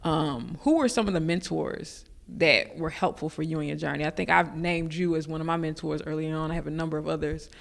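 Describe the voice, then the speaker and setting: A woman's voice: sits low, steady tone, a little fast, creaky, few pauses. A woman hosting a podcast interview who laughs easily and teases her guest. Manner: laughing easily, playful teasing. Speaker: podcast host.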